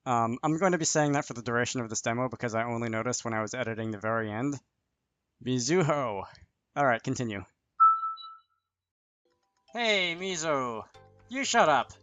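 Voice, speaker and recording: A man's voice: mid-range voice, fairly even intonation, racing, hardly any pauses, fairly bright tone, dry recording, soft background music. A man hosting his channel, reading a visual novel aloud and breaking off for chatty, self-deprecating asides. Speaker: channel host.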